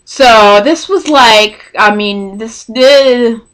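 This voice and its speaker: A young woman from Texas telling a storytime vlog, rambling and excitable, often cutting herself off mid-sentence. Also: fairly high pitch, extremely slow. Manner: rambling, self-interrupting, excitable. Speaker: vlogger.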